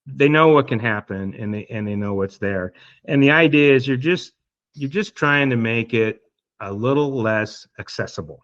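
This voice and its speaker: A man's voice: mid-range voice, moderate pace, a bit bright, muffled recording. A man guest on a podcast, talking through hypothetical scenarios in a casual, explanatory way with many fillers. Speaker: estate planning guest.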